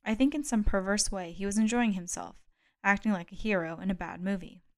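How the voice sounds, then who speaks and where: A woman narrating a novel as an audiobook in a steady, measured reading. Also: medium pitch. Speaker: audiobook reader.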